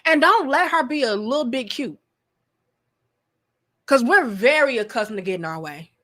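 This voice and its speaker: Woman on a livestream, bright voice, cussing and talking straight to chat. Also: a little high, normal speed. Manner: blunt, profane, animated storytelling. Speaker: livestream host reading chat.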